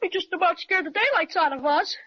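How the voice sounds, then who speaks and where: Young boy, very high, bright and lively, bold, exclaiming, old radio serial, muffled recording. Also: a little fast. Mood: eager. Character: eager, excitable young boy.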